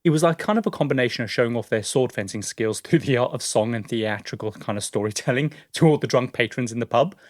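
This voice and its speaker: A man telling a story on a podcast, easy and chatty. He laughs often and drops casual fillers as he goes. His voice sits at a middle pitch and sounds dry and close. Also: fast talker, few pauses, dry recording. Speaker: podcast co-host.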